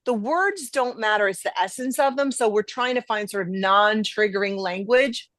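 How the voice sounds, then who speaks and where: A woman's voice: medium pitch, moderate pace, a bit bright, no room sound. A middle-aged woman hosting a podcast, talking emphatically in a conversational teaching style and acting out quoted voices. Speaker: podcast host.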